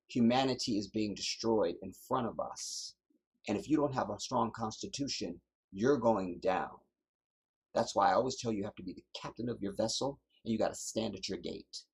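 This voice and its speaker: A man hosting a livestream, delivering an impassioned, preachy monologue that often drops to hushed whispers. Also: fairly low pitch, husky. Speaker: livestream host.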